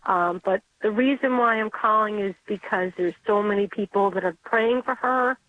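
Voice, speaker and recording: A middle-aged woman from Connecticut phones in to a radio program, speaking haltingly and pausing to find her words. Her voice comes through a thin, tinny phone line with a dry, close sound. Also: mid-range voice, dry recording. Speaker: radio caller.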